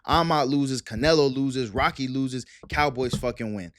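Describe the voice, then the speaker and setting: A man's voice: medium pitch, moderate pace, no echo. A man in his twenties hosts his own sports talk show and rants in a loose, profane, heated way. His voice sits in a middle range and sounds dry and close, with no room around it. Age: 20s. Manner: profane, fired-up, animated ranting. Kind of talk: casual sports rant.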